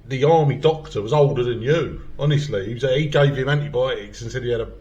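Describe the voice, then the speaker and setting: A man's voice: medium pitch, fast talker, muffled recording. Swearing man telling a story. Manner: swears a lot, loud storytelling with acted quotes. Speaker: podcast host. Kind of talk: casual comedy podcast chat.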